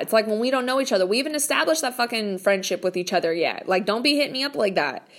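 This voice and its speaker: A woman's voice: fairly high pitch, expressive, fast talker, hardly any pauses, fairly bright tone. Blunt, foul-mouthed woman in her late twenties. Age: late 20s. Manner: blunt, heavy swearing, lots of "like". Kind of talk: casual storytelling rant.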